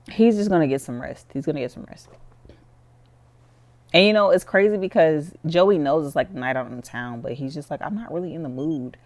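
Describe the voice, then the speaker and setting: A woman's voice: low-pitched, normal speed, a little mellow. Chatty woman narrating her game. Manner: chatty storytelling, heavy use of "like". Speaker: gameplay commentator. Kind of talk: casual gameplay commentary.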